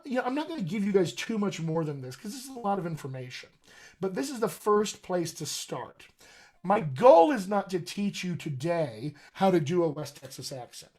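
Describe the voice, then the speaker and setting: A man with a fairly high voice leads a live-streamed acting class about accents. He explains patiently and keeps asking his viewers "all right?" The sound is plain webcam audio from a home room. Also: darkish tone. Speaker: dialect coach.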